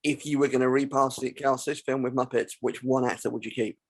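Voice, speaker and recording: A man's voice: mid-range voice, steady tone, a little fast. A man co-hosting a casual film podcast, chatty and explaining at length. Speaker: podcast co-host.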